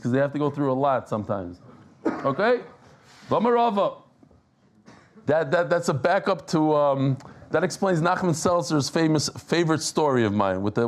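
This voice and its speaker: A man giving a lively Talmud class, telling stories and joking with the people in the room. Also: mid-range voice. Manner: animated, joking, mixes Yiddish and Hebrew terms. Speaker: daf yomi teacher. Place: class with live audience.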